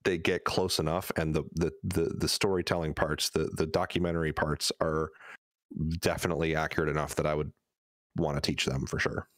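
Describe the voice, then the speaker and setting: A man's voice: rumbling low, flat delivery, fairly quick, dry recording, studio quality. A man chatting casually as a podcast guest, rambling with many restarts. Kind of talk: casual chat.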